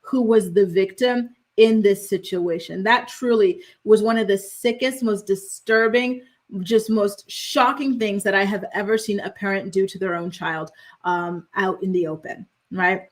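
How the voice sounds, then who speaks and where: A woman's voice: mid-range voice, unhurried. A young woman hosting a casual gossip livestream, chatting and reading viewer comments aloud with frequent laughs. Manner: chatty, animated, laughs often. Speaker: host of a morning gossip show.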